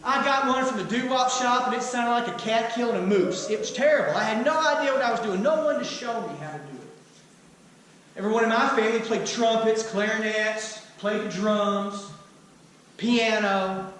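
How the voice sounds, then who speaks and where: A man's voice: high voice, normal speed, fairly bright tone, slight background noise. A man preaching a sermon as pastor, firing rhetorical questions with touches of humor. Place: church sanctuary. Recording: echoey hall, mic at a distance.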